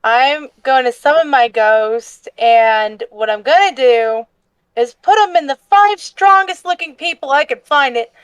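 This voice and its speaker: Player: woman, high voice, unhurried, wry and matter-of-fact, dry close sound. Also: clear, resonant tone, dry recording, low-quality recording. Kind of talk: casual game chat.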